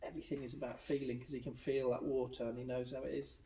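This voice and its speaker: A man's voice: mid-range voice, quick pace, a little hiss or hum. A man, a hypnotherapist and life coach, explaining his ideas with anecdotes as a podcast guest. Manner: animated, explains with examples and anecdotes. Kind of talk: casual podcast conversation. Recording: roomy echo, distant mic, faint ambience.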